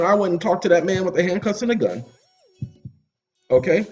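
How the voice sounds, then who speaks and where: A man with a fairly high voice explains law to his viewers in a casual, animated way. He lectures and addresses the audience directly, with faint music behind him. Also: fairly quick, long pauses. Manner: animated, preachy, talks straight to viewers. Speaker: channel host. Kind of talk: casual legal explainer with screen search.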